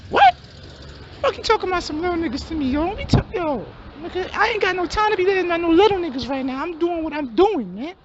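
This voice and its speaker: A man voicing a loud, scornful male street hustler in a comedy skit, brash and yelling. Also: very high voice, animated, quick pace. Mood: scornful, angry. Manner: brash, yelling, swearing constantly. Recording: dull lo-fi, faint hum.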